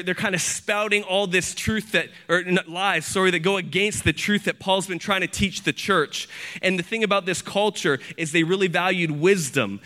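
A man preaching a sermon as pastor, passionate and emphatic, building his points in rising runs with quick restarts. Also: sits high, pushed and bright, in a large hall.

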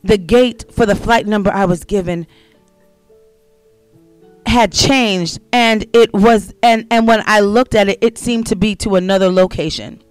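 A woman's voice: mid-range voice, unhurried, smooth, no room sound, soft background music. A middle-aged woman sharing a personal testimony in a casual storytelling monologue, talking conversationally, repeating herself and speaking straight to her listeners.

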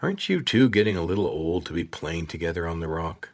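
A middle-aged farm mother speaks in a firm, no-nonsense way, voiced by a man narrating. The voice stays low and husky, only slightly lifted. She sounds practical and direct. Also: animated, brisk.

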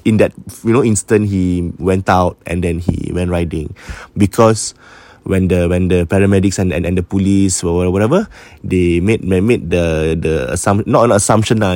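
A man's voice: sits low, a little mellow, no echo. A man with a Malaysian English accent hosting a horror podcast, casually retelling a listener's ghost story and slipping between Malay and English.

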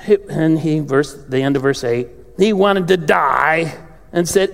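A man preaching a sermon in a large church, his voice high with a rough, gravelly edge. He tells the story by acting out the characters' lines, swinging from quiet asides to loud outbursts. The sound carries a long reverb from the hall. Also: unhurried. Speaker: pastor. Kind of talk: sermon with acted-out Bible dialogue.

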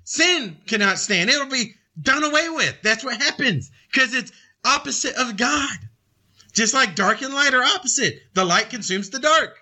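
High, sharp-voiced male preacher. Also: lively intonation, moderate pace. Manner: emphatic and conversational, reads scripture aloud. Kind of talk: sermon.

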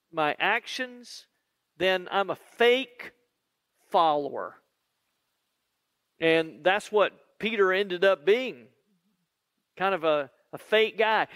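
A man preaching a sermon in an earnest, conversational way, with drawn-out pauses. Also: high-pitched, a bit bright, no echo, studio quality.

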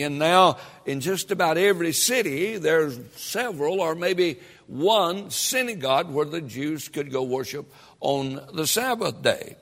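A man preaching a sermon as pastor, reading scripture and building emphatically to loud peaks. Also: on the high side, vocal fry. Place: church sanctuary. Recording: long hall reverb.

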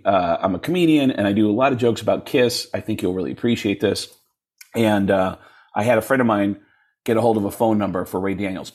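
A comedian and impressionist telling stories in an animated way, slipping into voices for the people he quotes. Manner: acts out voices in quoted dialogue, jumping high and low.

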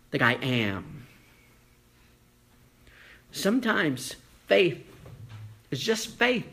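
A male pastor preaches slowly and deliberately. His high voice sounds bright and forceful. He tells stories earnestly and poses rhetorical questions. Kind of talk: sermon.

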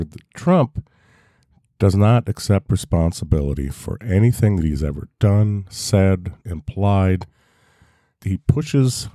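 A man's voice: deep voice, dark tone, dry recording, clean studio sound. A man co-hosting a podcast, talking in a critical, wry way. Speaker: podcast co-host. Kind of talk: opinionated podcast chat.

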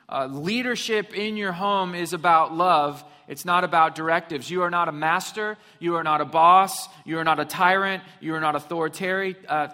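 A man's voice: fairly high pitch, pushed and bright. A man preaching a sermon, telling a story with humor and then driving his points home with emphasis. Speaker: pastor. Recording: long hall reverb.

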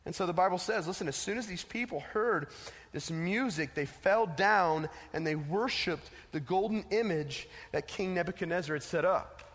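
A man's voice: high voice, moderate pace, fairly bright tone. A man preaching a casual, emphatic sermon to teenagers as a youth pastor, telling a story, in an echoey hall.

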